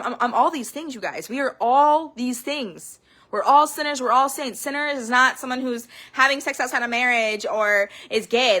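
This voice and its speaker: A woman in her thirties hosting a podcast, telling stories in a rambling, profane, animated monologue. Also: fairly high pitch. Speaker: podcast host. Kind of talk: casual monologue.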